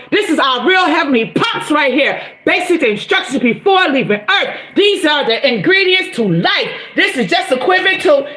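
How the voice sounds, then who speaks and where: A middle-aged woman giving an animated, preachy motivational talk on a live stream, with folksy endearments and bursts of exclamation. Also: sits high, a little hiss or hum. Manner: folksy, calls viewers baby girl and honey.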